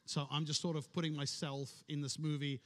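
A man with a high-pitched voice preaches in a church, speaking to the congregation with a conversational, storytelling manner and playful humor. His voice carries a long reverb from the sanctuary. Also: level tone, fairly quick, a bit bright. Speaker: pastor. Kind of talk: sermon.

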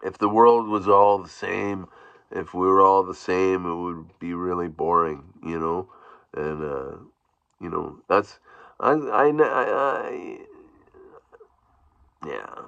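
Low-voiced man rambling in a vlog. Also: creaky, a bit bright, no echo. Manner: rambling, halting, with frequent restarts and chuckles. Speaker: YouTube vlogger. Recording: dull, dry, lo-fi sound.

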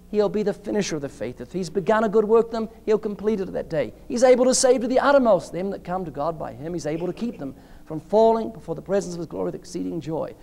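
A man's voice: high voice, vocal fry, darkish tone. A man preaching a sermon in an emphatic style, acting out short dialogues with changing voices.

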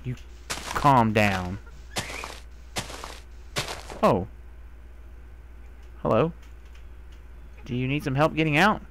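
Excitable young man talking to game animals. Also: medium pitch, extremely slow, long pauses, background noise. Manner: talks to animals, excitable, squeals when delighted. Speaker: gamer. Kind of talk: casual let's play commentary.

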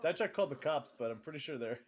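A man co-hosting a gaming stream, talking in animated, casual commentary, swearing and laughing often. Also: fairly high pitch, fast talker.

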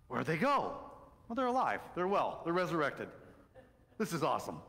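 A middle-aged man preaching a sermon as pastor, telling stories animatedly and swinging between loud excitement and soft, hushed moments. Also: fairly high pitch, moderate pace, creaky. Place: church sanctuary. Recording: long church reverb.

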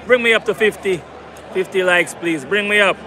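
High pitched guy doing live match commentary from the stands, keeps begging for likes, noisy outdoor crowd. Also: moderate pace. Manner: repetitive, hyping, begs for likes. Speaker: football fan livestreamer. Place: stadium stands among fans. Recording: loud crowd and outdoor noise. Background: stadium crowd.

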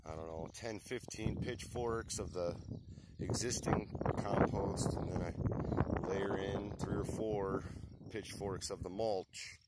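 A man with a lowish voice talks straight to the camera from an open field, still winded from hard work. He is chatty and emphatic and keeps checking in with "okay?". Outdoor noise runs clearly underneath. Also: fairly even intonation, slow. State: out of breath after hard work. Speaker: lawn care and garden business owner. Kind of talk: casual outdoor vlog, showing and explaining.

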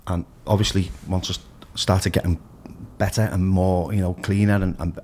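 A middle-aged man from Liverpool, England, speaks frankly and emphatically as a guest in a candid podcast conversation, swearing freely in his Liverpool accent. His voice is low and darkish with little pitch movement, at normal speed over slight background noise.

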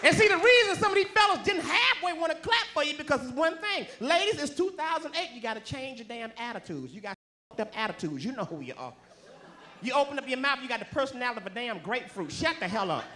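A man doing live stand-up on a comedy club stage, with an unusually high, thin voice and loud, profane banter with the crowd. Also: expressive, quick pace.

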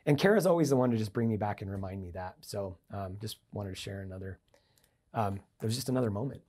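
A man's voice: on the low side, lively intonation, fast, warm tone. A middle-aged man, a podcast guest, telling a personal business story and acting out the dialogue. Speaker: guest, entrepreneur and investor.

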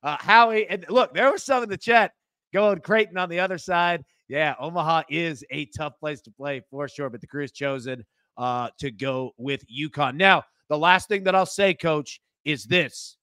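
A man's voice: on the high side, moderate pace, sharp tone, smooth, no room sound, clean studio sound. A man co-hosting a live sports betting show, upbeat as he explains picks and announces new content. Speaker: co-host.

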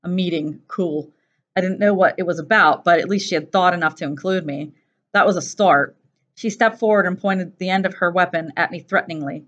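A woman teacher reading a first-person novel aloud in a steady, plain storytelling voice. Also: lowish voice, a little fast. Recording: dull lo-fi recording.

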